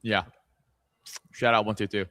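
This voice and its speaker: A man's voice: fairly low pitch, level tone, pushed and bright. A man, a former police officer co-hosting a casual podcast, talking profanely and laughing as he tells stories. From New York City. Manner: fast, profane, laughing storyteller.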